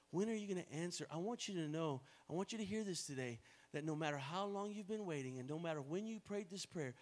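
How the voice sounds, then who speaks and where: A high-voiced American man preaches a sermon to his church. He drops into soft, low stretches and then climbs to loud, rising exhortations, prompting the congregation to repeat after him and tossing off light jokes between points. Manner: joking asides to the congregation. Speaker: pastor.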